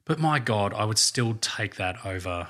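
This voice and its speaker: A man's voice: on the low side, animated, normal speed, bright, forceful tone. A man co-hosting a casual film-review chat, opinionated and firm in his arguments. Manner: opinionated, argues his point firmly. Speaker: podcast co-host.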